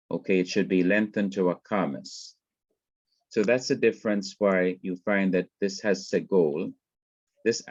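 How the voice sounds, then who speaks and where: Slow, methodical male grammar teacher. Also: fairly low pitch, no echo. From Jamaica. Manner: slow, methodical explaining with repeated words. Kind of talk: recorded grammar lesson. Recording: dry, dull lo-fi recording.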